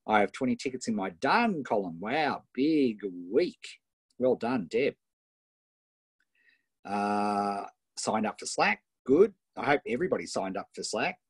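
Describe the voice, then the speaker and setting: A man's voice: fairly low pitch, a little slow, breathy edge, no room sound. Upbeat Australian man coaching a webinar. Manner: energetic, tag questions, reads out students' wins. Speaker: online business coach. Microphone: iPad Pro built-in mic.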